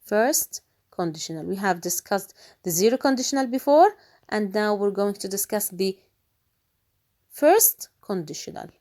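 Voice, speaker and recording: A woman teaching English vocabulary to middle schoolers in a recorded lesson. She says each word slowly and carefully, repeating it, and her voice sits in a middle pitch. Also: animated, darkish tone. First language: Arabic. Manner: slow, drawn-out repetition of each word, switching into Arabic to explain.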